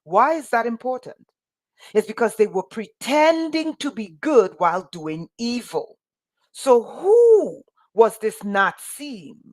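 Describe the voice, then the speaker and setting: Woman teacher leading a Bible lesson, slow, deliberate delivery, gets passionate and keeps asking rhetorical questions. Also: on the high side, very animated, darkish tone. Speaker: teacher of a spiritual school.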